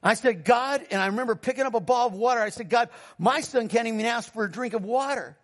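Man, pastor, high voice, middle-aged, sermon testimony, storytelling, acts out dialogue, calls out to the congregation. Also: fast talker. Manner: storytelling, acts out dialogue with God in a lower, quieter voice; asks congregation for responses.

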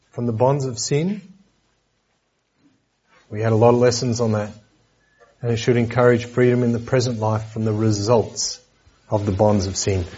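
A man's voice: mid-range voice, a little mellow, breathy edge, highs cut off. A man preaching a sermon lesson in a conversational way, with joking asides and repeated words.

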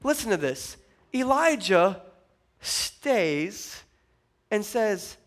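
A young man preaches a sermon with an animated, playful delivery, slipping into little acted-out voices and jokes. His voice sits notably high for a man. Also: moderate pace. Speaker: pastor.

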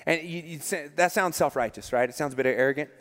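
Male pastor, impassioned sermon, high voice, long reverb from a big hall. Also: fast talker, fairly bright tone. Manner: impassioned, repeats words in rising emphasis.

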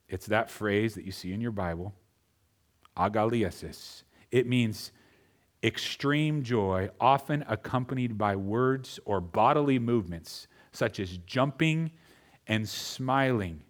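A pastor preaching a sermon, speaking straight to his congregation and swinging between quiet, intimate lines and loud, emphatic ones. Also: mid-range voice. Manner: addresses the congregation directly.

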